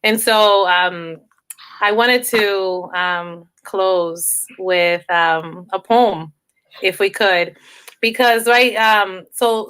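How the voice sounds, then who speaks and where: A woman author as a guest on a live chat, earnest and warm. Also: medium pitch, smooth. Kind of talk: casual chat and poem reading.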